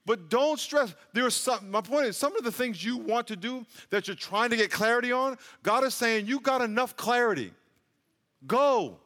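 A male pastor preaching in a large church hall with long reverb. His voice sits high and bright, and he talks in an easy, joking way that climbs to emphatic peaks. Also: normal speed, few pauses. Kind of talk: sermon.

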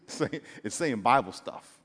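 A man preaching a sermon to his congregation, animated and joking, calling them y'all and acting out little voices. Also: medium pitch, takes it slowly, husky. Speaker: pastor. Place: church. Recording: long reverb of a large hall.

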